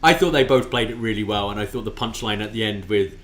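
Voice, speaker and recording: A man with a lowish voice talks fast as co-host of a casual wrestling review podcast. He's enthusiastic and often starts his sentences over.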